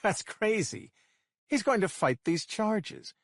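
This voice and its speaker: A man's voice: sits high, sing-song, slow pace, creaky, no echo, studio quality, pitched above the performer's own voice, exaggerated voice. A man voicing an indignant male defense lawyer who protests emphatically in court.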